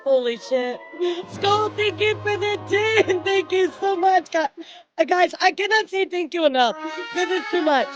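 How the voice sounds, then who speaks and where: A young woman streaming live, excitedly thanking viewers, laughing often and swearing. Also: very high-pitched, unhurried, dull audio, over music.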